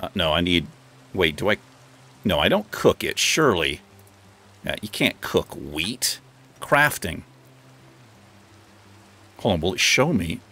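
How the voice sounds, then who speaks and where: A man casually narrating his own game as he plays, chatting to the animals and now and then jumping into high, excited bursts. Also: slow pace, pauses often. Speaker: gaming host. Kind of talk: casual let's play commentary.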